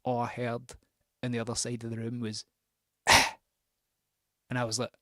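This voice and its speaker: A man's voice: medium pitch, completely flat delivery, measured pace, sharp tone, dry recording, clean studio sound. A man hosting a record show, telling a rambling, sweary, self-mocking anecdote between records. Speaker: radio host spinning records.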